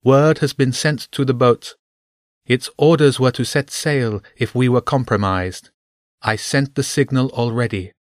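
A cruel woman ringmaster from a storybook sneers and spits her words with haughty contempt, as a man puts her on. The voice is pitched up and pushed louder than a plain telling, and the sound is dry and close. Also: a little slow, no room sound, lightly acted. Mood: cold. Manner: haughty, spitting contempt, loud.

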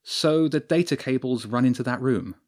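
A man's voice: mid-range voice, normal speed, darkish tone, close to an everyday voice. A man voicing a watchful young girl who asks pointed questions. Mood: probing.

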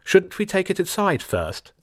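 A man playing a stocky, posh English teen boy with a nasal, stuffed-up voice, pitched well above the narrator. Read close and dry like a storybook. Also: huge pitch swings, moderate pace, no echo. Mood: whiny. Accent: upper-class English. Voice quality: nasal, blocked nose.

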